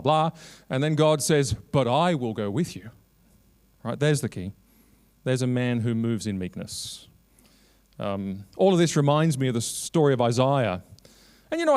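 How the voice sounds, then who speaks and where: Emphatic man preaching a keynote. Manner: emphatic, swinging between raised urgent lines and low quiet asides; quotes scripture and builds long repeated lists. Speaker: Christian lobby director giving a keynote.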